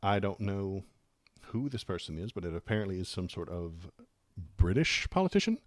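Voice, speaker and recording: A man's voice: low voice, big pitch swings, normal speed, dry recording, studio quality. A man hosting a live political stream, reacting in casual, rambling commentary that turns sarcastic and slips into muttered curses.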